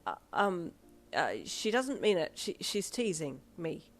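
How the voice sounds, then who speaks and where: A woman voicing a brash, flippant delinquent teenage schoolgirl who often shouts. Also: medium pitch, a little fast, soft background music, natural voice.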